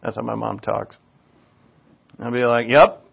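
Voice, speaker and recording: A man's voice: lowish voice, completely flat delivery, measured pace, gravelly, slightly rough. An older man, a pastor, preaching a loose, conversational sermon full of asides and restarts. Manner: casual, rambling, with asides and restarts. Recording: dull lo-fi recording.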